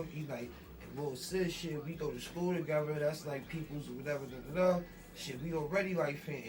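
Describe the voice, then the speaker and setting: Animated man telling a story, slang-heavy. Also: medium pitch, far from the mic, noisy background. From New York. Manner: animated, acts out quoted dialogue, heavy slang. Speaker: rapper guest. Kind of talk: casual storytelling interview.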